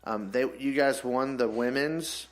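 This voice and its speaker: A man's voice: medium pitch, measured pace. A man chats casually on a podcast, teasing and joking with an easy, middle-range voice. He tells stories with playful exaggeration, and faint music sits behind him. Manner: joking, teasing, animated storyteller. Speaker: podcast co-host. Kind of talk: casual chat.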